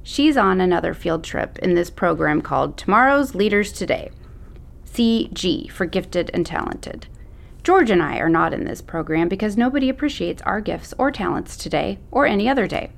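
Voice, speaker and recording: A woman's voice: lowish voice, lively intonation, moderate pace, gravelly. Sassy woman narrating an audiobook. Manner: sassy, slangy teen attitude. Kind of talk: first-person audiobook narration.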